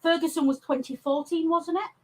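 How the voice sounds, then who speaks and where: A woman's voice: extremely high pitch, steady tone, brisk, low-quality recording. A woman from England co-hosting a podcast, chatting casually about films with lots of ums and restarts. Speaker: podcast co-host. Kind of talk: casual film discussion.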